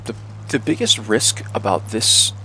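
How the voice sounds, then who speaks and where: A man's voice: on the low side, sing-song, measured pace, pushed and bright, faint music behind. A man giving casual gameplay commentary as a video creator, with an American accent, repeating words and using many fillers.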